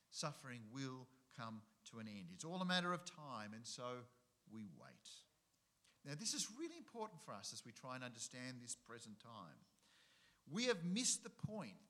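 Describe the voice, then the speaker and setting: Aussie pastor guy, middle aged, bright punchy voice, preaching and asking the congregation questions. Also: a little high. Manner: animated preaching with rhetorical questions and repetition. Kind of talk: sermon.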